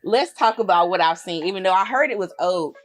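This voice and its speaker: A woman's voice: medium pitch, expressive, fairly quick, faint music behind. A woman co-hosting a podcast, talking candidly and at length in casual chat. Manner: candid, emotional, talks at length. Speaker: podcast co-host.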